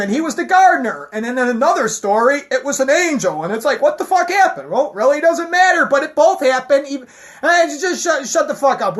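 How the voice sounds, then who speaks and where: A woman's voice: high voice, fairly bright tone. A woman giving a heated, profane, rambling rant to her camera. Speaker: vlogger.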